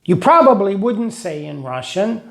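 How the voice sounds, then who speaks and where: A man teaching English grammar to Russian speakers, explaining slowly through examples and small rhymes. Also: high voice, sing-song, vocal fry, a bit bright. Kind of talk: scripted lesson narration.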